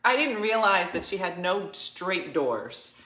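Lively low-voiced woman telling a story. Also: takes it slowly. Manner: animated, laughs often, acts out quoted people. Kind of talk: casual storytelling chat. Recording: roomy echo.

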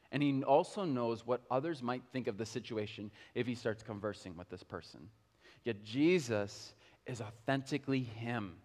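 A man's voice: medium pitch, in a large hall. A man preaching a sermon as pastor, talking casually and conversationally with lots of "like" and "kinda".

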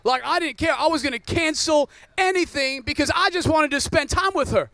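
A man's voice: extremely high pitch, brisk, sharp tone, dry recording. A man in his thirties, a pastor, preaching a sermon and telling a joking personal story.

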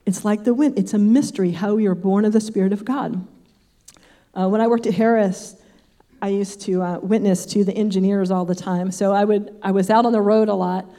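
A woman's voice: mid-range voice, steady tone, a little fast, dark tone. An older woman giving a casual Bible teaching, chatty and full of personal asides.

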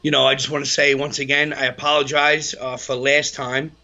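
A man's voice: medium pitch, flat delivery, fairly quick, gravelly, pushed and bright, lo-fi sound. A man co-hosting a podcast, rambling loosely with lots of swearing. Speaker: podcast co-host. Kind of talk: casual podcast chat.

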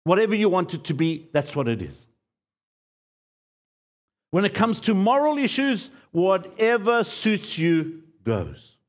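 A man preaching a sermon as pastor, earnest and pleading, repeating key phrases and dropping to quiet, low endings. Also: sing-song, measured pace, long pauses.

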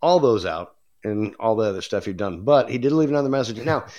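A man co-hosting a casual podcast with his wife, relaxed and laughing often. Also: on the low side, a little fast, dull audio. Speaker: podcast co-host. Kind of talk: casual chat.

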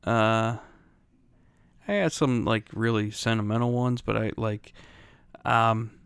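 A man's voice: lowish voice, level tone, takes it slowly, gravelly, fairly bright tone, smooth, no room sound. A middle-aged man from Philadelphia, co-hosting a podcast, telling a profane, laughing story in casual chat. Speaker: podcast co-host. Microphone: close studio mic.

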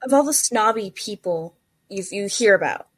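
A young woman chatting casually in a group, telling animated stories and acting out what people said. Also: normal speed, slight background noise. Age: young adult. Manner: animated storyteller, acts out quotes with rising pitch. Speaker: watch enthusiast guest.

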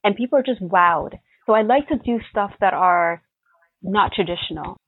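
A young adult woman pastry chef answering interview questions in an animated, chatty way, laughing often. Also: mid-range voice, moderate pace, breathy edge, no echo. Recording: tinny phone-like line.

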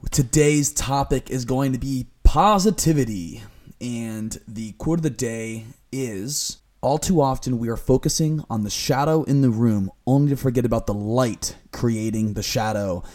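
A man's voice: medium pitch, normal speed, hardly any pauses, a little mellow. A young man hosting his own podcast, talking earnestly in an upbeat coaching way as a lifestyle coach. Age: young adult. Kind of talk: solo motivational podcast talk. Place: Florida.

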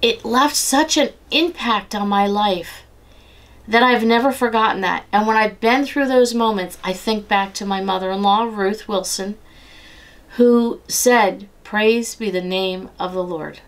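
Earnest middle-aged woman sharing devotion. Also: medium pitch. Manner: earnest, conversational, testimony-like; slows and softens on scripture. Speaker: devotional speaker. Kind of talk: personal devotional talk.

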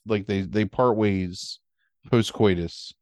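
A man's voice: lowish voice, slow, dry recording. Man rambling through a movie recap. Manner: rambling, animated storytelling with silly put-on voices. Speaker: podcast host. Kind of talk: casual movie recap chat.

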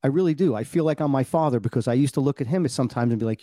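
A man's voice: mid-range voice, rapid-fire, mellow, dry recording. A man in his sixties hosting a podcast, chatting in an easygoing way and agreeing with his guest. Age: 60s. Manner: easygoing, agreeing, laughing along. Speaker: podcast host. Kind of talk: casual podcast chat.

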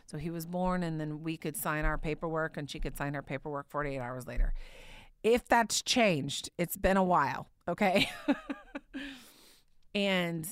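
A woman preacher telling a personal story in a sermon, candid and conversational, sometimes dropping to a hushed tone. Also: low voice, a little slow, smooth, no echo, clean studio sound.

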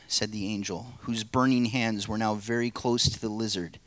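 A man's voice: lowish voice, steady tone, moderate pace, dry recording, rough recording. A male pastor preaching a sermon in earnest, emphatic short phrases.

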